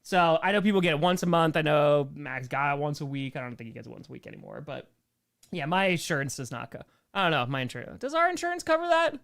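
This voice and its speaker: A man's voice: a little high, very animated, quick pace, creaky, a bit bright. Joking man chatting on stream. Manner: joking, sarcastic, laughs often. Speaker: streamer hosting a members Q&A. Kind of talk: casual livestream chat reading comments.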